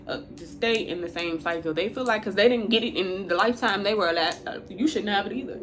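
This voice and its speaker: A woman with a mid-pitched voice shares intuitive spiritual messages in a loose, chatty way. She talks straight to her viewers and often breaks into laughter. Music plays clearly behind her. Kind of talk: casual spiritual talk to viewers.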